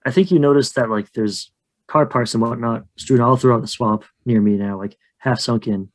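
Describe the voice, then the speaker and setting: A man's voice: mid-range voice, normal speed. Chatty man narrating a tabletop game. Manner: chatty, joking, rambling. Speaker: podcast co-host and player. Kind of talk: casual tabletop role-play narration.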